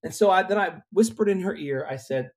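Young male worship leader, a touch high-pitched, earnest and animated, conversational testimony delivery. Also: fairly quick. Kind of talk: conversational storytelling on a podcast.

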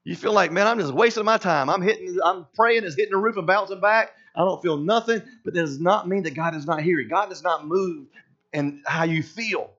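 A man delivers a lively sermon, his voice sitting high for a man. He slips into the voices of the characters he talks about. The sound is dull and lo-fi. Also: brisk. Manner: animated, acts out voices of Moses and God. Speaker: pastor.

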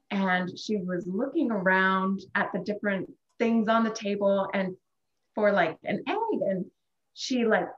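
A woman speaks slowly and earnestly, reflecting on a personal story as a guest. The recording has a slightly dull, lo-fi sound. Her pitch sits in an ordinary middle range.

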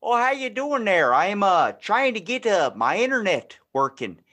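A man's voice: sits high, very animated, moderate pace, voice pushed up, full character voice. A man doing a bumbling senile old dad. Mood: bumbling cheerful. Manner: bumbling, folksy, loud. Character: senile old dad, clueless about tech, football fan. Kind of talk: improvised comedy scene.

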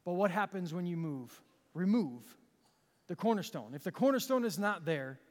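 Male pastor, high voice, sermon delivery with dramatic pauses, long church reverb. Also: lively intonation. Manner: self-deprecating, with dramatic pauses and emphatic repetition.

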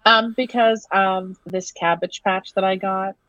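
A woman guest in a casual chat, speaking in a halting way that trails off. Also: mid-range voice, fairly even intonation, a bit bright, highs cut off.

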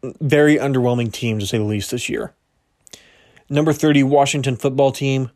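A young man running through rankings on his own sports podcast in loose, casual talk. He trips over words and corrects himself as he goes, and his voice sounds a little strained. His pitch sits in an ordinary middle range. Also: steady tone, moderate pace, darkish tone. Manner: casual, rambling, self-correcting, laughs at himself. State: slightly strained voice. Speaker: podcast host.

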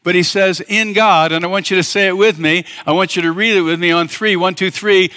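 A male pastor delivering a sermon at a church service, his voice bright and a bit higher than most men's. He preaches emphatically, tosses questions out to the congregation for them to answer, and often stumbles and restarts his phrases. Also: steady tone, brisk, smooth. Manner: emphatic, with call-and-response and many restarts.

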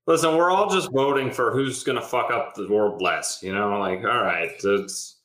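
Bright, lively man in an echoey room. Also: on the low side, normal speed. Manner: joking, blunt, tells stories in a rush. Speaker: podcast co-host. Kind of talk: casual chat.

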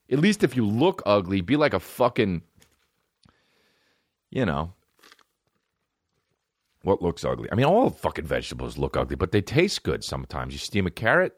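A man riffing alone on his comedy podcast, his voice sitting low but leaping high when he gets worked up. He swerves into put-on voices mid-story. The sound is dry and close to the mic. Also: wildly swooping pitch, moderate pace, long pauses, no echo. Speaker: podcast host. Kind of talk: comedic monologue. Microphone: studio microphone.

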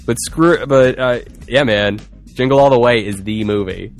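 A man's voice: medium pitch, moderate pace, faint music behind. A man co-hosting a podcast, chatting casually and enthusiastically about films. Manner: enthusiastic, quotes movie lines. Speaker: podcast co-host. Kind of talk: casual chat.

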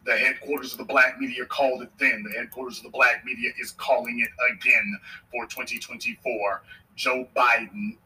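Guy hosting his own show, political rant, super bright edgy voice, says stuff twice for punch, mic kinda far. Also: medium pitch, flat delivery, moderate pace. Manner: emphatic, repeats his points for effect. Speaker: podcast host. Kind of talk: political commentary monologue.

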